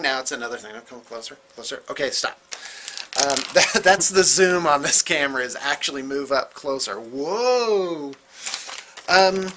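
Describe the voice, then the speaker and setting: A man hosting a casual show-and-tell vlog from his painting studio, excitable and rambling, chuckling as he goes. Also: on the high side, a little hiss or hum. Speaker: host of a miniature painting studio channel.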